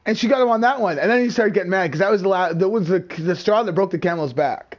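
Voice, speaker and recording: A man with a notably high voice spins a rowdy anecdote in loose, casual chat. He swears freely and keeps slipping into the voices of the people he describes. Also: fast talker. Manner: animated, profane, acts out quoted voices. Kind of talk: casual storytelling while gaming.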